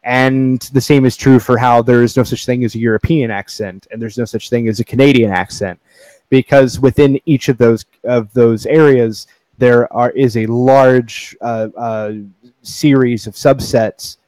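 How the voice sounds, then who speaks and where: A man in casual group chat, speaking hesitantly with many halting restarts. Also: medium pitch, steady tone, darkish tone, no echo.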